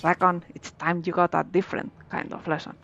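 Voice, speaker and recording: A woman's voice: lowish voice, little pitch movement, a little fast, vocal fry, fairly bright tone, muffled recording, slight background noise. A woman doing a sneering pirate villain. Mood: menacing. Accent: put-on pirate accent. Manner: mocking, menacing. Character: gruff male pirate villain, sneering bully. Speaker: streamer reading game dialogue aloud.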